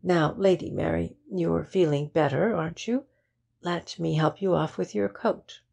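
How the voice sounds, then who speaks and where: A woman's voice: fairly low pitch, measured pace, vocal fry, warm tone, slightly rough, heavily acted. A woman voicing a flustered, well-meaning man who speaks in an anxious, coaxing way.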